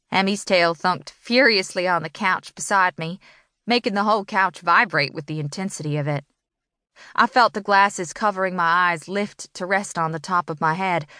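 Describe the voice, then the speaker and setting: A woman's voice: medium pitch, fairly bright tone, dry recording, studio quality. A woman reading a first-person story as an audiobook narrator, in an emotional storytelling manner.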